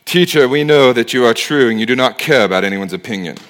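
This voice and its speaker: Guy doing a sly flattering pharisee baddie, fake villain accent, bit lower and quieter. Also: quick pace, close to an everyday voice. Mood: oily.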